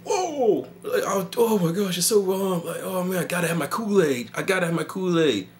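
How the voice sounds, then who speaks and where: Man putting on an overeager, gushing guy, voice jumped way up high. Comic aside. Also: moderate pace, a little hiss or hum. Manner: gushing, breathless excitement. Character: overexcited man craving a sugary drink.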